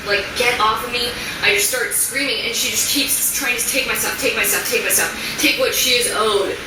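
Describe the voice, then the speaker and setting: Young adult woman from the US, upset rapid recounting; distant, roomy, noisy self-recording. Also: on the high side. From United States. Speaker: vlogger. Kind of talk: shaken personal recounting. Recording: distant echoey recording with noise.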